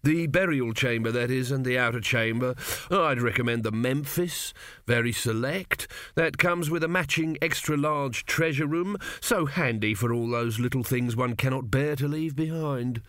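A man voicing an eager, fawning salesman with a smooth sales patter. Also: mid-range voice, moderate pace, fairly bright tone, no room sound, studio quality, natural voice.

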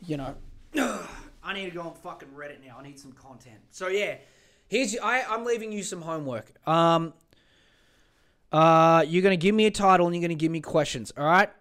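A man's voice: on the high side, moderate pace, fairly bright tone. A man hosting a casual solo podcast, rambling and swearing, muttering to himself and mocking himself as he searches for material. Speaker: podcast host.

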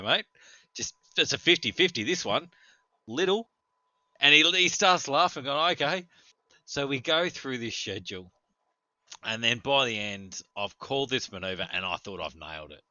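A man telling stories on a casual podcast, animated and quick to laugh. His voice is bright and forceful, recorded dry and a little dull and lo-fi. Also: mid-range voice, no room sound. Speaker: podcast co-host. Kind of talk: casual storytelling chat. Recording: dull, lo-fi sound.

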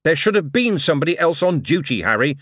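Glib male con-man charmer, voiced by a male narrator. Emphatic, theatrical, lively swoops. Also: mid-range voice, moderate pace, dry recording, clean studio sound, voice pushed up. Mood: angry. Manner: persuasive, theatrical, raised and emphatic.

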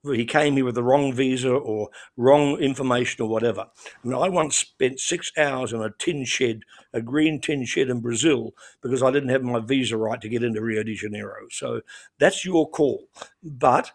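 A man's voice: medium pitch, moderate pace. A man with an Australian accent chatting as a regular on a talk show, telling stories with many restarts and fillers. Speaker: regular commentator. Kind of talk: casual radio chat.

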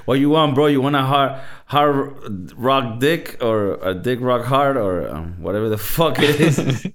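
A man's voice: mid-range voice, unhurried. A Latin American man co-hosting a podcast, talking loosely and profanely with lots of "bro" and "like". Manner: loose, swearing, many fillers like "bro" and "like". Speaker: podcast co-host. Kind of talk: casual chat.

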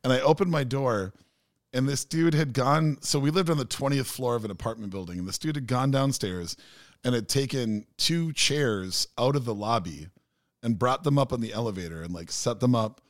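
A man hosting a casual podcast chat, telling a story in an animated way and acting out the people in it. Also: medium pitch, normal speed, no room sound, clean studio sound. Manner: animated storyteller who acts out quoted people. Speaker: podcast host.

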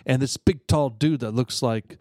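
A man's voice: medium pitch, moderate pace, a little mellow, no echo, clean studio sound. A man co-hosting a casual podcast, telling a rambling, profane story full of restarts. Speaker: podcast co-host.

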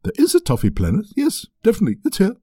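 A man's voice: high-pitched, huge pitch swings, warm tone, no room sound, studio quality, voice pushed up, heavily acted. A man doing a babbling flustered magic map. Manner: fast, unsure, babbling. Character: dithering boastful talking map scroll.

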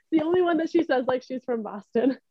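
A woman's voice: high voice, warm tone, no echo, poor audio. A young woman with a New Hampshire accent, co-hosting a podcast and telling stories in casual chat, laughing often. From New England. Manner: chatty storyteller, laughs often. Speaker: podcast co-host.

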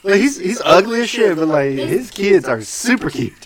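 Animated laughing male podcast host. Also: high voice, moderate pace, a crowd in the background. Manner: animated storyteller, laughs often. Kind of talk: casual podcast chat.

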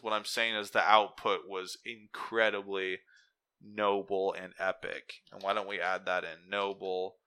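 A man talks through a casual solo podcast, thinking out loud and breaking off his own sentences. His voice is bright, smooth and clear, and he speaks at an unhurried, slow pace. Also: on the low side. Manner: rambling and self-interrupting, musing aloud. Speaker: podcast host. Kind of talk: casual solo podcast, reading chatbot output aloud.

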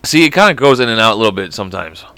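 Rambling, profane young podcast host. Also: male voice, fairly low pitch, animated, pushed and bright, no echo. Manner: profane, rambling, quick laughs. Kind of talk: rambling casual chat.

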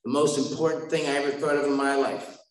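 A man's voice: mid-range voice, little pitch movement, fast talker, roomy sound, poor audio. A man sharing his recovery story at a meeting, rambling and self-mocking, with asides to the listeners.

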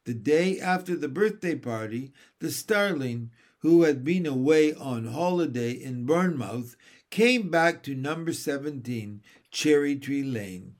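A man reading a children's story aloud in a gentle, measured narration. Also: fairly high pitch, expressive. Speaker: reader.

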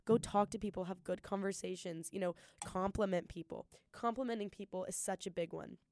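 A young woman hosting a solo podcast, giving an earnest, excited pep talk and talking fast. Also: medium pitch, slight background noise. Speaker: podcast host.

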